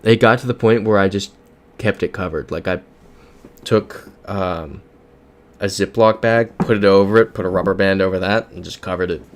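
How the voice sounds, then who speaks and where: Deep-voiced American man chatting on stream. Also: normal speed, slight background noise. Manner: chatty, reads chat aloud, mutters guesses to himself. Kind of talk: casual live-stream chat while playing a geography game.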